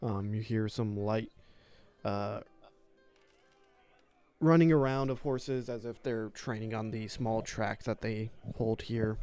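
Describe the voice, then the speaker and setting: Slow, hesitant game master man. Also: fairly low pitch, fairly even intonation, darkish tone, clear, resonant tone, dry recording, soft background music. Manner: hesitant, many fillers. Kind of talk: narrating a tabletop game.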